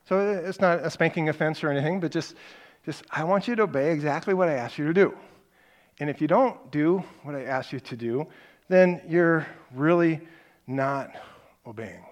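Slightly high-voiced man teaching parents. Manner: conversational storytelling with emphatic repeated points; acts out parent and child lines in quick snippets.

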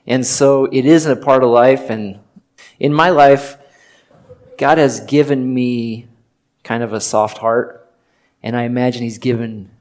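A man's voice: mid-range voice, a little mellow. A middle-aged man preaching a sermon, telling personal stories in an earnest, conversational way with occasional joking asides. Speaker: pastor.

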